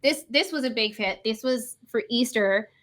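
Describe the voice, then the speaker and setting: A woman with a high, bright-sounding voice chats as a guest over a video call. She tells her stories in a bubbly, excited rush. She sounds to be in her thirties. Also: moderate pace. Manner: bubbly, excited storytelling with frequent laughs. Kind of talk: casual chat.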